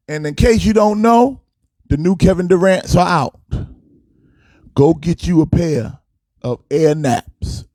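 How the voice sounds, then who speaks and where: A man's voice: sits high, lively intonation, a little slow, a little mellow, no echo. A man hosting a casual sports talk show, fired up and preachy, with a sing-song delivery.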